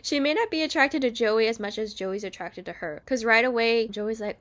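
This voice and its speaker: A woman's voice: on the high side, brisk, few pauses, fairly bright tone. Chatty young woman recapping a show. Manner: chatty, acts out quotes in voices. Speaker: YouTuber reviewing a reality show. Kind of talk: casual chat. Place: on her bed at home.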